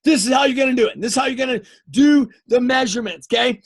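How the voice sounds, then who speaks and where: Man, very high-pitched, energetic fitness coach, emphatic, repeats himself, live-stream talk. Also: fast. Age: adult, married eighteen years. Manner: energetic and emphatic, repeats words, often asks "okay?".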